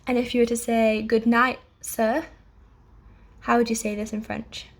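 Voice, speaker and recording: A young woman teaching an online language lesson, patient and clear, pausing to let learners repeat after her. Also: on the high side, level tone. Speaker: French teacher.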